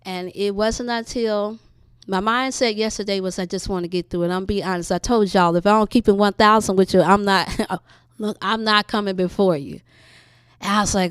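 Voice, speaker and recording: A woman's voice: moderate pace, clean tone, dry recording, clean studio sound. A middle-aged woman hosting her wellness channel, giving an earnest, conversational personal testimony and speaking straight to her viewers. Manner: earnest, conversational, addresses audience as y'all; rises high and bright when excited.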